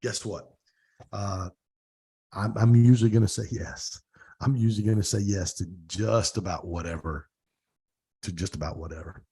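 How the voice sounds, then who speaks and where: Middle-aged guy, raspy gravelly voice, animated storyteller doing bits of dialogue. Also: on the low side, normal speed. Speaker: podcast guest. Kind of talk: casual storytelling interview.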